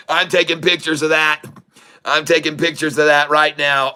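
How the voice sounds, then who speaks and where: A man hosting a live day-trading stream, shouting excitedly at the charts and talking to his chat. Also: on the high side, moderate pace, background noise. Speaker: day-trading livestream host.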